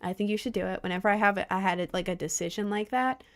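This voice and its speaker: A woman hosting a casual livestream and answering chat, gushing and playful, with squealing leaps in pitch. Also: fast talker. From United States. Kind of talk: casual live-stream chat.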